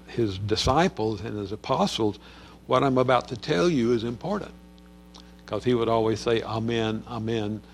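A man's voice: on the low side, vocal fry, slight background noise. A man teaching a Bible study on a Psalm in a conversational way, with frequent fillers and restarts.

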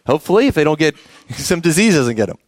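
A man's voice: fairly high pitch, big pitch swings, fast talker, no echo. A man preaching a sermon as the church's pastor, talking conversationally and often asking the congregation questions.

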